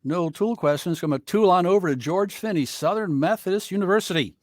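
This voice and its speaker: Running an online panel over video, a man brings on the guests with playful jokes at their expense. His high voice is brisk, and the studio-quality recording has no room sound.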